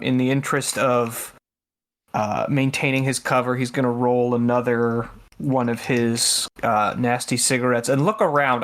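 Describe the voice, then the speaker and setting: A man's voice: medium pitch, a bit bright. A man playing a tabletop game, describing his character's actions in a casual, rambling way with fillers. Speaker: player.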